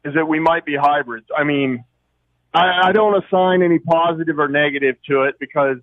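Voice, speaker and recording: A man's voice: on the high side, fairly quick, dry recording. A man from Oregon calling in to a radio show, earnest and rambling as he shares a theory. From Oregon, USA. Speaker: caller. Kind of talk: phone-in call. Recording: tinny phone line.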